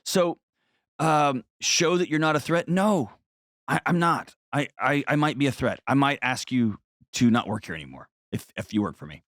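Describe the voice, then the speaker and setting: A man's voice: mid-range voice, animated, normal speed, fairly bright tone, dry recording, clean studio sound. A man hosting an advice show, talking bluntly and emphatically and repeating words for stress. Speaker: host.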